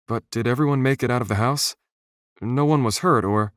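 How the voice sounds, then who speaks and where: A man voices an anxious young man in a strange land who asks nervous questions and mutters to himself. The mid-range voice, at normal speed, is pitched above the performer's own but stays close to an everyday voice, recorded at studio quality with no room sound.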